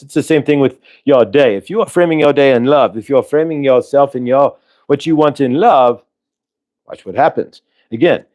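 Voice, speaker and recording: Man as a spiritual channeler, earnest, coaching tone, mid-pitched, asks rhetorical questions. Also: a little mellow. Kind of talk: live channeling talk.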